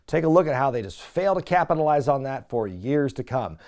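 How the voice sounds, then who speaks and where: Lively, chatty man recapping wrestling. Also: medium pitch, brisk. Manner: animated, chatty, frequent "like" fillers. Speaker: wrestling recap podcast host. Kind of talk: casual recap commentary.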